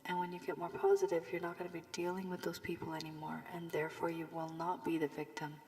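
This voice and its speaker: A woman giving a tarot reading with advice, her voice worn from illness, speaking softly and often half-whispering. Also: lowish voice, flat delivery, fast. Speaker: tarot reader. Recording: long room reverb, faint background hiss.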